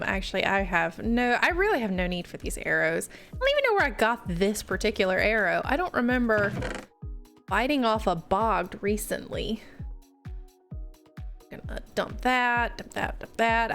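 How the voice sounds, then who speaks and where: A young woman live-streams herself playing Minecraft, chatting casually with viewers in a fairly bright, medium-pitched voice. She giggles a lot and pokes fun at herself, laughing often at her own mishaps.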